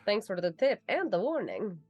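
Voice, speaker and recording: A woman speaks for her character in a tabletop game, brisk and matter-of-fact. Her voice sounds dry and close to the mic. Faint music runs in the background. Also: mid-range voice, very animated, husky, no echo, muffled recording. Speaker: player.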